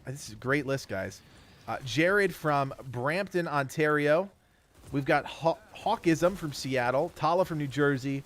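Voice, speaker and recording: Upbeat man reading out his viewers. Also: a little high. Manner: upbeat, reads viewer names in a quick rattled list. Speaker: streamer. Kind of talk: casual live-stream chat while gaming.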